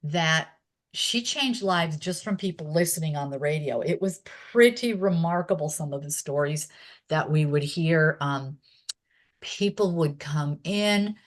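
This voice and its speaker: Female interview guest, slightly low pitch, relaxed anecdotal delivery with frequent laughter. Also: unhurried. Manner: chatty, laughs often while recalling stories. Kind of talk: casual reminiscing in an interview.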